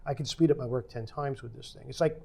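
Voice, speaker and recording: A man's voice: medium pitch, quick pace, creaky, dark tone. An older man telling a story from his working life in a podcast conversation, acting out the quoted dialogue as he goes. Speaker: podcast guest.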